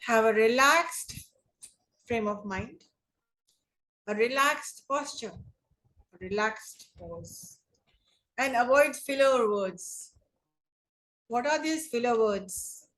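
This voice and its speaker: Woman, English teacher, online lesson; unhurried, repetitive phrasing, slightly high voice. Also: fairly bright tone, rough recording. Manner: slow, deliberate, repeats and rephrases points. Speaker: English lecturer. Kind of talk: online class lecture on debating.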